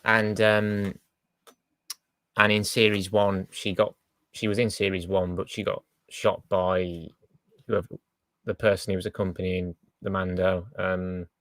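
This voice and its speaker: A man co-hosting a podcast, calmly explaining in halting casual chat. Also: low-pitched, no echo. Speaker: podcast co-host.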